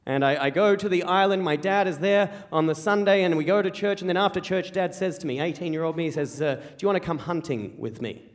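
An Australian man from rural South Australia telling a comic personal story live on stage, animated and quick with repeated phrases. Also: high-pitched. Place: theater stage before a live audience. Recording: long hall reverb from a live venue.

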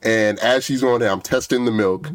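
A man's voice: on the low side, normal speed, no echo. A young man on a podcast telling a story in casual chat, rambling and often restarting. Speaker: podcast co-host, producer.

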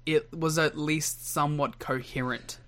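A man's voice: on the high side, steady tone, a little slow, bright, forceful tone. A man co-hosting a wrestling podcast, chatting casually in a playful, teasing way. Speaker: podcast co-host. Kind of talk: casual wrestling history chat.

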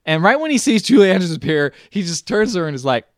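A man's voice: sits high, very animated, fast talker, no room sound, studio quality. A young man co-hosting a podcast, casually recapping a movie and acting out the characters' lines in silly voices. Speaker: podcast co-host.

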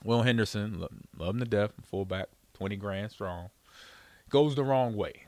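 Telling a casual story, a middle-aged ex-pro football player speaks at a normal speed in a fairly low voice. He's animated, mimics the voices of the people he quotes, and laughs a lot, with no room sound.

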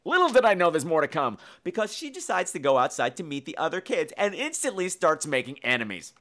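Animated campy man reviewing a film. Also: on the high side, fairly quick. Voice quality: campy, animated storytelling with acted-out voices. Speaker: podcast host. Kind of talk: casual film review podcast.

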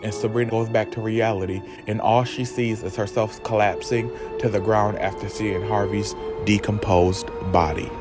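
A man's voice: fairly low pitch, steady tone, moderate pace, few pauses, music in the background. A man retelling a story in a dramatic, chatty, profane way. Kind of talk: casual storytelling recap.

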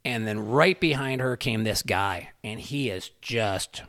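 A man's voice: medium pitch, unhurried, a bit bright, no echo, clean studio sound. A man telling a story in casual podcast chat, rambling with many fillers and swearing freely.

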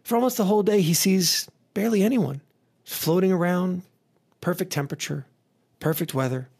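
A man's voice: high voice, moderate pace, darkish tone. A man telling a long joke in a loose, rambling way, with fillers and restarts.

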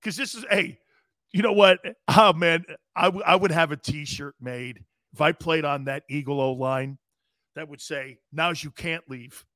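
A man hosting a live sports talk show, animated and joking, laughing often and swearing casually as he reads the chat. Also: a little high, unhurried, no echo, clean studio sound. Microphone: studio mic he adjusts himself.

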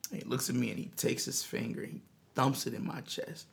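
A man guest telling a long personal story in an interview, earnest and animated, often restarting his sentences. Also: medium pitch, a little fast, vocal fry, slightly rough. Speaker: musician guest.

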